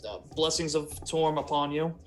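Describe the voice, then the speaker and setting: A man's voice: on the high side, flat delivery, normal speed, close to an everyday voice. A man voicing an earnest male Dragonborn paladin from the north, polite and a little hesitant in a tabletop game.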